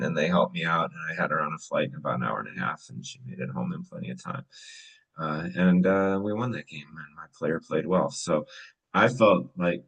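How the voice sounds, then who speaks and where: A middle-aged man with a very low, deep voice tells stories in an easy, loose way, full of small fillers. He speaks to students as an emergency doctor, chatting rather than lecturing. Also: a little fast, husky, poor audio. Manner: relaxed, conversational, many fillers. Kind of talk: casual storytelling talk.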